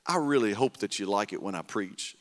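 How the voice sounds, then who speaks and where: A male pastor, preaching a sermon and telling stories, swinging between loud bursts and hushed, tender lines. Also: fairly low pitch, lively intonation, brisk. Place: church sanctuary. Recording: reverberant church hall.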